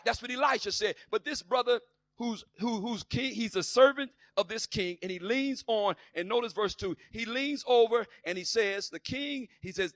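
A man preaching a youth sermon with passion, jumping from near-shouts to quiet asides and acting out skeptics in sassy voices. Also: high-pitched, animated, normal speed, no echo.

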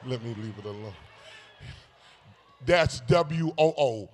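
High, gravelly-voiced preaching man. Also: lively intonation, measured pace, pauses often. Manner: call-and-response preaching, swings between shouting and hushed asides; playful teasing of the congregation. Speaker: bishop preaching. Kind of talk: sermon. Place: church sanctuary.

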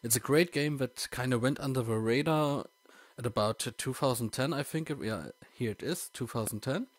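A man's voice: mid-range voice, normal speed, dry recording. A man with a German accent, a native German speaker, introducing his let's play in hesitant English with many ums. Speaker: let's player. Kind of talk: casual gaming commentary.

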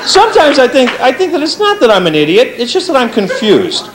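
High, lively stand-up comedian man. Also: brisk, a crowd in the background, background noise. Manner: lively, animated delivery with big pitch swings and acted-out voices. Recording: live stage set with audience laughter. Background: faint audience laughter.

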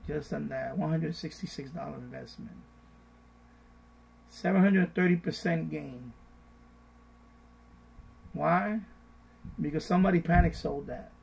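Middle-aged guy on a finance stream, kinda high voice, gravelly and husky, says everything twice. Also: measured pace, long pauses, poor audio. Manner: repetitive, animated, mocks panicked voices. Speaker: finance live-stream host. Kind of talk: casual investing advice live stream.

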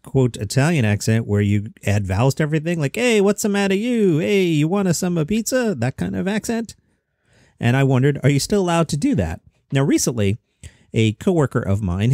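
A man's voice: mid-range voice, mellow, no echo, studio quality. Chatty male comedy news host. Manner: chatty, jokey asides. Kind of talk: comedy news podcast commentary.

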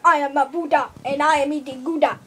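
A silly toy Buddha rambles in a bouncy sing-song, rhyming his lines, as a woman puts him on. The voice sits high and swoops about playfully. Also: lively intonation, fairly quick, a bit bright. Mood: goofy. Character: silly male toy Buddha who raps about cheese.

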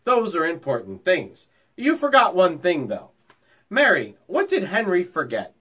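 A tiny, self-assured mouse schoolteacher, put on by a man reading aloud. He talks crisply and bossily, in a raised voice that bounces up and down. It is a storybook reading, matter-of-fact in tone. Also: high-pitched, huge pitch swings, measured pace, fairly bright tone, voice pushed up, full character voice. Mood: lecturing.

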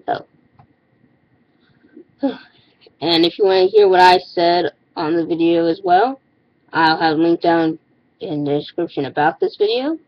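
A woman's voice: on the low side, unhurried, pauses often, highs cut off. A woman vlogger with a put-on Irish accent, ranting theatrically to camera in a comic persona. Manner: theatrical, sing-song Irish-persona delivery.

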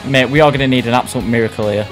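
A young man commentating on his own football video game match, excitable and self-mocking, reacting loudly to each play. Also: medium pitch, rapid-fire, over music. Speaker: gaming YouTuber. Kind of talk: live gameplay commentary.

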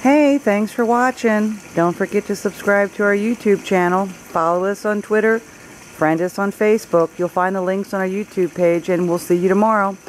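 A woman's voice: medium pitch, steady tone, moderate pace, slight background noise, low-quality recording. A woman chatting casually on a home video blog, filming with a handheld camera and cooing in baby talk to her pets. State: unwell, recovering from illness. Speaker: vlogger. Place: home, in and out of doors.

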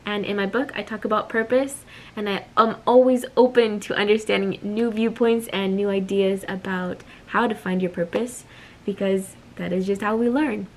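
A woman's voice: mid-range voice, steady tone, moderate pace. A woman hosting her own channel, chatting straight to her viewers as she introduces a reaction video. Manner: chatty, addressing viewers directly. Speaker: channel host.

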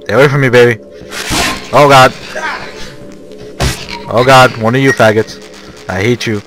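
A man's voice: medium pitch, steady tone, a little slow, music in the background. Jokey, panicky male gamer. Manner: jokey, panicky shouting outbursts. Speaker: let's play gamer. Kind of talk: gameplay commentary.

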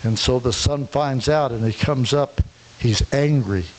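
A man's voice: mid-range voice, a little slow, rough recording. A man preaching a sermon, retelling a parable and acting out its characters, with frequent stammered restarts. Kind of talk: sermon storytelling. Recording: faint hiss.

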